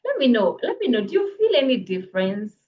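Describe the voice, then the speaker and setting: A woman coaching public speaking in a live online workshop, brisk and encouraging, reading viewers' comments aloud. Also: on the high side, big pitch swings, muffled recording. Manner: brisk, encouraging, reads chat comments aloud, laughs often. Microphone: video call.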